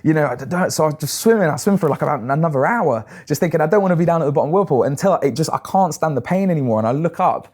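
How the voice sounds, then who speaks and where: Animated British man telling stories. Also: fairly high pitch, racing, hardly any pauses. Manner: animated storyteller, acts out quoted voices. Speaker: guest, long-distance swimmer. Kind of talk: casual storytelling interview.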